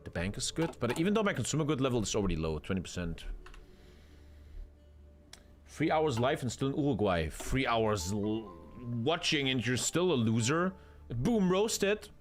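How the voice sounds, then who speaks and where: Young male streamer, crude mock-aggressive chat banter, voice swinging wildly from low mutters to high yelps, faint game music behind. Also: sing-song, moderate pace. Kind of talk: live game stream commentary.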